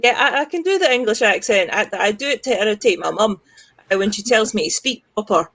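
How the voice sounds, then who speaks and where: A woman's voice: mid-range voice, lively intonation, a little fast, creaky, fairly bright tone, no echo, rough recording. Laughing Scottish woman, dry sound. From Scotland. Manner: swears freely, laughs through rambling stories. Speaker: livestream guest. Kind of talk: casual chat.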